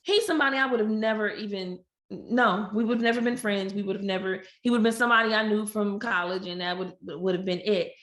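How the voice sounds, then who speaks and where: A woman guest on a podcast, telling a personal story candidly and acting out quoted dialogue with lively shifts of voice. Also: mid-range voice, fast talker. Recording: roomy echo.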